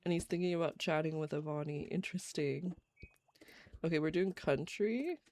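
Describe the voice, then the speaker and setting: A woman's voice: sits low, moderate pace, mellow. A woman streamer giving casual, giggly commentary on a life-simulation game while she plays live. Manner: chatty, giggly, reacts to gameplay. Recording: faint game music behind.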